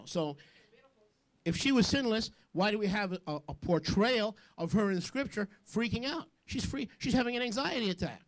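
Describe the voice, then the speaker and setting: High-voiced male preacher. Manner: jokey, rapid asides, call-and-response questions. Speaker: rabbi and preacher. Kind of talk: sermon to a congregation.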